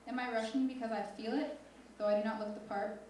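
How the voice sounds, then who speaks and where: A woman's voice: on the high side, fairly even intonation, a little mellow, a little hiss or hum. Teen girl reciting poetry in a hall. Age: teens. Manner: slow, deliberate, intense recitation. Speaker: student poet. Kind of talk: spoken word poetry reading. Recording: echoey hall from far off.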